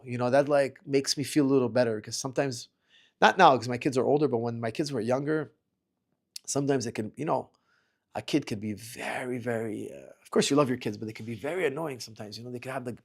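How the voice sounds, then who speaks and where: Gravelly middle-aged male coach chatting. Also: medium pitch, fast talker. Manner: chatty, repeats and restarts words, reads audience questions aloud. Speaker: martial arts coach. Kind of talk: casual livestream Q&A.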